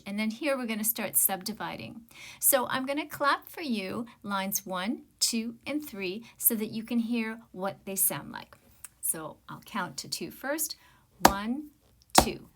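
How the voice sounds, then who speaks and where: A woman's voice: mid-range voice, lively intonation, unhurried, a bit bright. A woman music teacher giving an online rhythm lesson, explaining patiently and counting and chanting rhythm syllables aloud.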